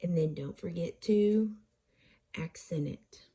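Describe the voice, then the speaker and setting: A woman teaches a phonics lesson in an unhurried, patient way, asking questions and answering them herself. Her voice is mellow and slightly husky, and she sounds out syllables slowly. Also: fairly low pitch. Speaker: reading teacher.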